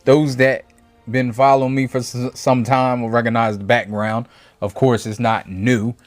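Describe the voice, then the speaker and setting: A man's voice: medium pitch, little pitch movement, normal speed, soft background music. A man in a mid-range voice talks through a toy review at a table in his home setup. He rambles and thinks aloud, often stopping to rephrase himself. His delivery is casual and conversational, never scripted. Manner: rambling, thinks aloud, frequent self-corrections.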